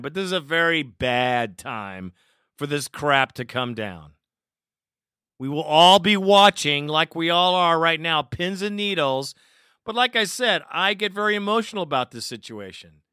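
A man's voice: sits high, pushed and bright, clean tone, no echo, clean studio sound. A man hosting a sports talk show, ranting in a heated, profane way and taking listener calls. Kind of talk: angry fan talk show rant.

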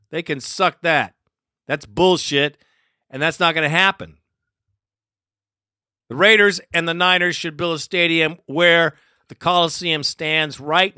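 Podcast host, male, angry profane ranting, high bright voice, dry close mic. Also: clean tone, dry recording. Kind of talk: solo ranting commentary.

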